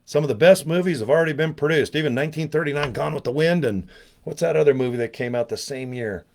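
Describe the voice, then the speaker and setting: A man's voice: a little high, quick pace, creaky, darkish tone, slight background noise. A man in his sixties talking casually to camera in a rambling, joking monologue full of self-mocking asides. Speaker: online business vlogger.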